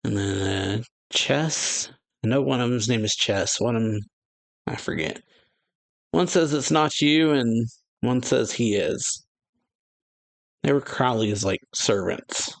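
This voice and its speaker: A man talks through a manga chapter in a loose, chatty way, full of fillers. His voice sits at a middle pitch. The recording is dry and close. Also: animated, takes it slowly, vocal fry, long pauses, dry recording. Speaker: manga reaction host. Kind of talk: casual manga read-through.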